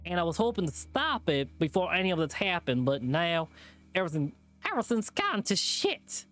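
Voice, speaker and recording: A man voicing a menacing male hillbilly animal thug while reading a visual novel aloud, in a slow, drawling, threatening way. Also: sits high, sing-song, a bit bright, voice pushed up.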